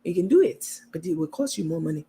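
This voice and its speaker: A woman's voice: fairly low pitch, lively intonation, quick pace, mellow, slight background noise, voice pushed down. Pushy African braider haggling hard, as a woman puts her on, clipped talk. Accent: put-on African.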